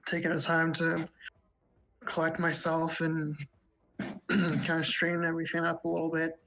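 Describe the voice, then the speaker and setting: Subdued, brooding role-play player, flat monotone narration. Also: mid-range voice, low-quality recording.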